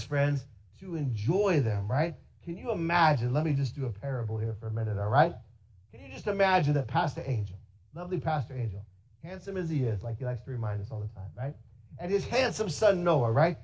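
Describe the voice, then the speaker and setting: A pastor delivering a sermon in a husky voice. The delivery is animated, full of rhetorical questions and asides to the congregation. The pitch sits mid-range. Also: rough recording.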